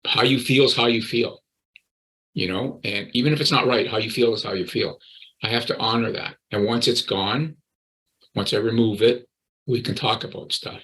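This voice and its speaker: A man's voice: mid-range voice, normal speed, a bit bright, rough recording. Blunt older male recovery coach. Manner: blunt, direct, emphatic. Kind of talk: interview conversation.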